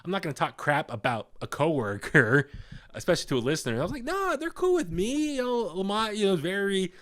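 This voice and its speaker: A man's voice: high voice, big pitch swings, a little fast, fairly bright tone. Young guy telling a long story on a podcast, lots of um and uh, does little voices for people. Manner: rambling, many fillers and restarts; acts out quoted voices. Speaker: podcast guest. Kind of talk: casual storytelling.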